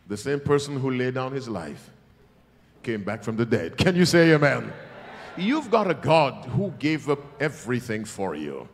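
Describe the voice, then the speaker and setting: A male preacher giving a revival sermon, emphatic and teasing, with sudden loud bursts. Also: mid-range voice. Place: large church hall. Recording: long church hall reverb.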